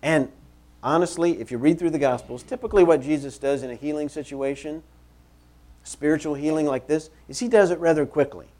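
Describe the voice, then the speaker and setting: A man preaching a sermon in church, conversational and animated, repeating phrases for emphasis as he moves about. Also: a little high, a little fast. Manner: moves around while preaching. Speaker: pastor.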